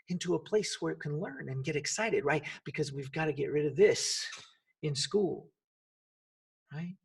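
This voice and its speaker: A man's voice: a little high, expressive, moderate pace, gravelly, recorded from a distance, a little hiss or hum. A man hosting a motivational podcast, talking with energy and emphasis, often asking rhetorical questions. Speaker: podcast host and dance coach.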